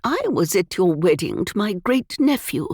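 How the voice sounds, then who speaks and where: A tart, sharp-tongued elderly lady of the manor, put on by a woman reading a storybook. She speaks higher than her reader's own voice, unhurried and cutting, with a breathy edge in a dry, close recording. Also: very animated, no room sound.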